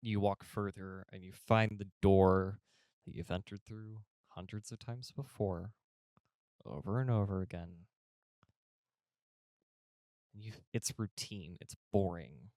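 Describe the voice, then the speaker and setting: Deep-voiced man running a tabletop game. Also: slow pace, long pauses, darkish tone, no room sound, studio quality. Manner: casual, rambling, with fillers. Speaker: game master.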